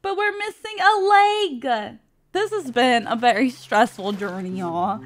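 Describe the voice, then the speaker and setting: Woman, cartoon reaction host, high voice, unhurried, exclaims and laughs at the screen. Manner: animated, exclaiming, laughing, talks back to the screen. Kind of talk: casual reaction commentary. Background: faint cartoon audio underneath.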